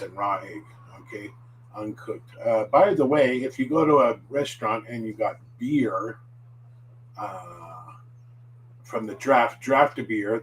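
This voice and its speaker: A man of middle pitch talks through a casual lesson, patient and conversational. He drills words slowly so listeners can repeat them, slipping in fillers and corrections. A faint hum sits under the recording. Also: rough recording. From United States. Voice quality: relaxed, chatty with fillers and self-corrections. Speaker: language teacher.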